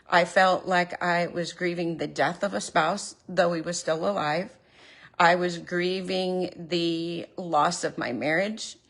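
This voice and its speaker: A woman's voice: lowish voice, vocal fry, a bit bright. A woman speaking earnestly and openly emotional in a personal confessional vlog, recorded at home in her living room. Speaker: vlogger.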